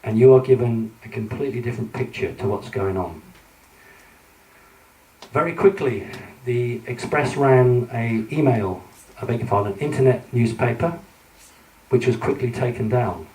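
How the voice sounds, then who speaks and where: A man's voice: mid-range voice, moderate pace, darkish tone. A British man giving a conference talk with slides, earnest and warning, with many fillers and restarts. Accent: British English. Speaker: conference speaker. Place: large conference hall. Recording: echoey hall from far off, faint hiss.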